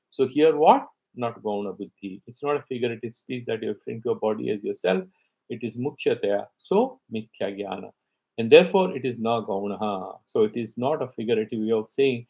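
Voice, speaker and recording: A man's voice: mid-range voice, darkish tone. Man teaching Sanskrit scripture. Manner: reads Sanskrit commentary, then explains in English; rhetorical questions and acted-out examples. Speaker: Vedanta teacher. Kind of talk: scripture class lecture.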